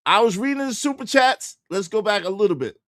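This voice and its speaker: Animated man hosting a livestream from a car. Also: high-pitched, brisk, dry recording, studio quality. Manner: animated, repeats phrases, shouts out viewers. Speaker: livestream host. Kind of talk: casual livestream commentary.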